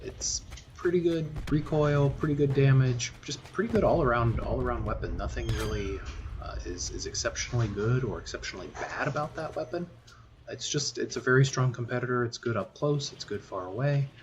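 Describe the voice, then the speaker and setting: A man giving relaxed gameplay commentary as a voice-over, thinking aloud with frequent fillers and restarts. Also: mid-range voice, a little fast, a little hiss or hum. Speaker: gaming YouTuber.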